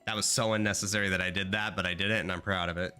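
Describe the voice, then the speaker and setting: A man's voice: deep voice, steady tone, racing, bright, forceful tone, clear, resonant tone, faint music behind. A young man streaming a video game, chatting casually to his audience in playful, rambling rants with lots of swearing. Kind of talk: casual gaming livestream chat.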